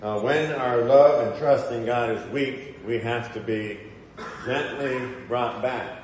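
A man's voice: medium pitch, slow pace, a little mellow, a little hiss or hum. A man giving a conversational sermon in a church hall, often putting questions to the congregation. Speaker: preacher. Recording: echoey hall, faint ambience.

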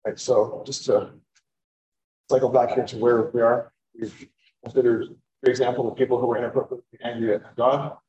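The lo-fi recording carries a man's mid-range, dark voice delivering a sermon briskly and flatly. Preaching on scripture in a conversational way, he keeps repeating words as he finds them.

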